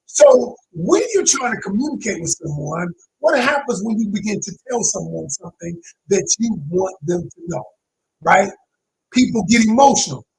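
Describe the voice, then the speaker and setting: A man's voice: sits high, animated, moderate pace, vocal fry, low-quality recording. A man giving an emphatic teaching talk as a relationship coach, repeating key phrases and speaking straight to his listeners.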